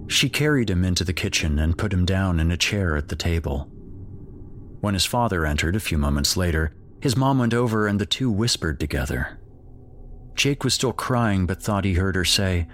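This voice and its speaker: A man with a very deep, low voice narrates a dark horror story. His delivery is measured and grave, shaped as scripted storytelling. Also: expressive, a little hiss or hum.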